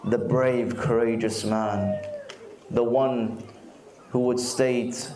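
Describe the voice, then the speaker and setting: A man preaching a sermon in a roomy, echoing hall, his pitch sitting in an ordinary middle range. He tells a parable and lifts his voice high when he speaks for its characters. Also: fairly even intonation, very slow, dark tone, a little hiss or hum. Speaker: Muharram night speaker. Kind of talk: sermon with storytelling. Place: mosque or community hall.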